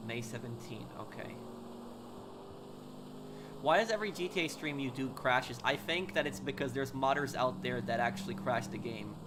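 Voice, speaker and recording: A man's voice: mid-range voice, noisy background. A man live-streaming a game, chatting casually and thanking viewers, often stumbling and restarting his sentences. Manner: chatty, halting, restarts while reading chat.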